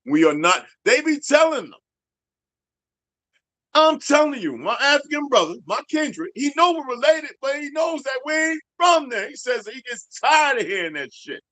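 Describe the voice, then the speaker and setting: A man's voice: very high-pitched, sing-song, normal speed, pushed and bright, dry recording. A man in his fifties ranting to his viewers in a blunt, streetwise, rambling way, swearing heavily and drifting into asides. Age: 50s. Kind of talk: profane off-the-cuff rant.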